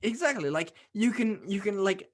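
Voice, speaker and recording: A young adult co-hosting a podcast in casual chat, animated, swearing freely and stumbling over restarts. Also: medium pitch, normal speed, background noise. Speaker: podcast co-host.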